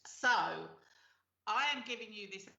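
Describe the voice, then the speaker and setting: A woman's voice: mid-range voice, steady tone, unhurried, bright, forceful tone. A middle-aged woman hosting a show, chatting casually and laughing often, with lots of fillers. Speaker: radio show host. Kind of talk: casual chat. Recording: echoey, dull lo-fi sound.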